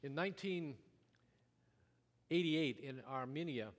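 A man preaching a sermon, telling a story dramatically, rising loud and dropping to a hush. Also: medium pitch, lively intonation, slow. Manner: dramatic storytelling, wide swings from loud to hushed. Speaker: pastor. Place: church sanctuary. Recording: long reverb of a large hall.

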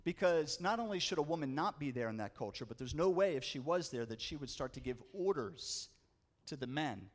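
Guy preaching, slightly high voice, slows way down and builds up for the big moments. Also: animated. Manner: storytelling with dramatic slowdowns and rising emphasis. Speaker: pastor. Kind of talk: sermon.

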